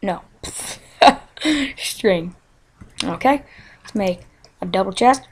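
Slow-talking playful woman gaming. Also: medium pitch, expressive, husky. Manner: playful and goofy, giggles and chants to herself. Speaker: let's play host. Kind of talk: casual gameplay commentary.

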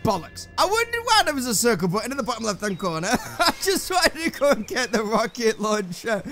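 Excitable English man commentating gameplay. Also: very high voice, fairly quick. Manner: excitable, swearing, joking to himself. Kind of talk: let's play commentary. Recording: game music loud behind voice.

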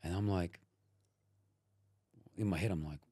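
A man's voice: low-pitched, measured pace, breathy edge. A middle-aged man from Australia, a radio presenter chatting as a podcast guest and telling anecdotes, acting out what people said. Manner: animated anecdote teller, acts out quoted lines. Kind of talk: casual chat, storytelling.

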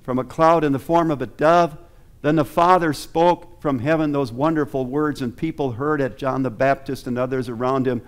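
Male pastor at the pulpit, mid-pitched, earnest, preaches with rhetorical questions to the pews. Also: steady tone, moderate pace. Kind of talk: sermon. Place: church sanctuary.

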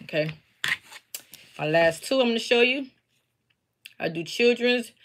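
A woman's voice: fairly high pitch, animated, unhurried. A woman chatting casually on a live stream from her basement, talking straight to her viewers as she shows off her embroidered patches. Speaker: craft seller and teacher. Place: home basement.

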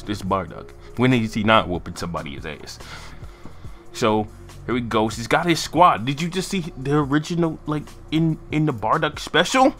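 A man giving excitable, profane, joking commentary on a game trailer from his room. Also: fairly low pitch, vocal fry. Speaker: gaming YouTuber. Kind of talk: casual gaming commentary. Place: home room, sitting at a desk chair.

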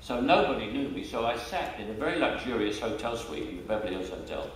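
This older Cockney storyteller, a guest in a casual anecdotal interview, speaks fast in a fairly low, sing-song voice. Chatty and quick to laugh, he repeats words as he restarts. Recording is in an echoey room with a distant mic and slight background noise.

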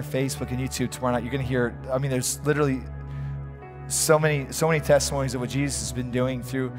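A man preaching a fervent sermon as a pastor, stumbling over restarts as he tells a story. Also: mid-range voice.

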